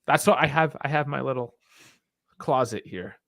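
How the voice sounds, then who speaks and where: A man's voice: mid-range voice, normal speed, vocal fry, a bit bright, no echo, studio quality. A man co-hosting a casual livestream from a small furnace room at home, bantering and laughing easily. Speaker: co-host of a fan livestream.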